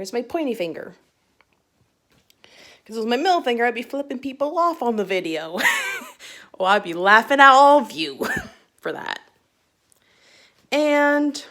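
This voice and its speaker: A woman's voice: fairly high pitch, fairly bright tone. Chatty young woman talking books. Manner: chatty, giggly, rambling with restarts. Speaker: book vlogger. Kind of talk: casual book chat to camera. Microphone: phone.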